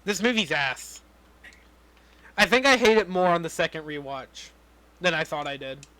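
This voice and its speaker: A young man co-hosting a podcast gripes about a movie in casual chat, swearing a lot. His fairly high voice is pushed and bright, at a moderate pace, in a profane, ranting critique.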